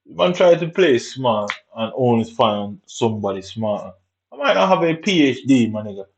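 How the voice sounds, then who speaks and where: A man with a Jamaican accent rants over his gameplay, swearing nonstop and leaning on street slang. His voice sits at an ordinary middle pitch. The recording is dull and lo-fi. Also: sing-song, moderate pace, vocal fry, slight background noise. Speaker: gamer. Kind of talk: angry ranting commentary over gameplay.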